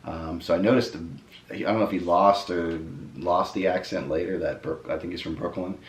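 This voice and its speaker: A middle-aged man hosting a casual record review chat, relaxed and rambling with plenty of ums and uhs. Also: low voice, moderate pace, recorded from a distance. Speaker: host of a record review channel. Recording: roomy echo, voice a bit off the mic, faint background hiss.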